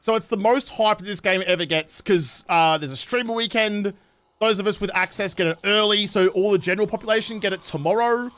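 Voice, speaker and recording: A man's voice: high-pitched, a little fast, a bit bright. A young Australian man streaming a game, chatty and jokey, his voice worn and tired. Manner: chatty, jokey, self-mocking. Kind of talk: casual live-stream chat.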